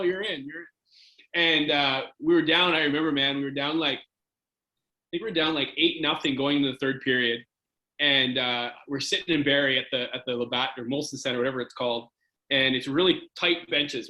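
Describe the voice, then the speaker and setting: A middle-aged man with a Canadian accent telling a hockey story in a casual interview, animated and acting out quotes. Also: reverberant, rough recording. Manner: animated, acts out quotes with jumps in pitch.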